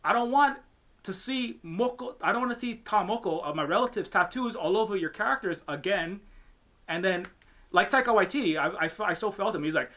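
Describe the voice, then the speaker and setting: A man's voice: high voice, fast, a bit bright. A man from Hawaii speaking on a panel as a game studio founder, heated and ranting, swearing and restarting his sentences often. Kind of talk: impassioned panel discussion.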